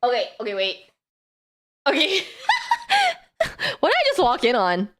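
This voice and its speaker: A woman's voice: on the high side, unhurried. A young woman streamer telling a story in casual, profane talk, with frequent laughter. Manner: animated, profane, laughs often.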